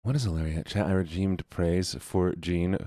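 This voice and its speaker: A man's voice: deep voice, fairly even intonation, normal speed, warm tone, no echo, studio quality. A young man streaming, chatting casually with viewers in a rambling way, repeating words and laughing often.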